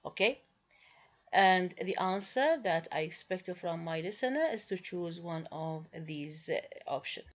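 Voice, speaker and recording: A woman lecturing students, explaining step by step and answering her own questions, with frequent pauses and restarts. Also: on the low side, expressive. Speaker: university English lecturer. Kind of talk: recorded lecture. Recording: dull lo-fi recording.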